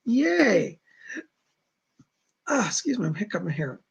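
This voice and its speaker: A man's voice: sits high, lively intonation, normal speed, vocal fry, a bit bright, breathy edge. A middle-aged man hosting a psychic live stream from home, chatting casually and reading out viewer comments. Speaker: psychic livestream host.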